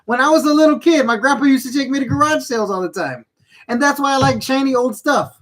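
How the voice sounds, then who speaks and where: High-voiced man fumbling for words. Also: quick pace, a bit bright. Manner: hesitant, searching for words. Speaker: podcast co-host. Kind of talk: casual chat.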